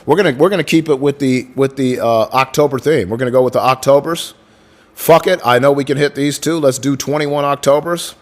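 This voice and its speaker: Speaking a little fast in a medium-pitched voice, this male livestream host keeps things casual and profane. He shouts out viewers by name to thank and hype them, slipping into crooned song lines along the way.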